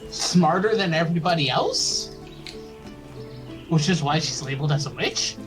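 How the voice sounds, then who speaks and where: A man's voice: a little high, animated, moderate pace, over music. Rambling, hesitant let's play guy. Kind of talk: casual gameplay chat.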